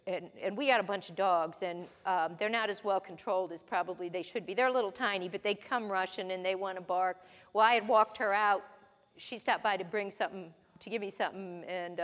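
A woman giving a folksy, conversational Bible teaching in a church hall, mixing scripture readings with personal stories. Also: mid-range voice. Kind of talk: sermon-style Bible teaching.

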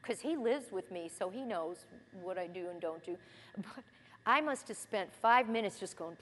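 A woman's voice: medium pitch, animated, moderate pace, a little hiss or hum. A woman giving a folksy, conversational Bible teaching in a church hall, mixing scripture readings with personal stories. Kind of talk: sermon-style Bible teaching.

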